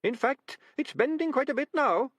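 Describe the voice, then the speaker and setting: A man's voice: very high-pitched, normal speed, a bit bright, no room sound, voice pushed up. A man voicing a plump, cheerful male tap-dancing rat who stays unflappable in trouble. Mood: chirpy. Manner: chirpy and unflappable.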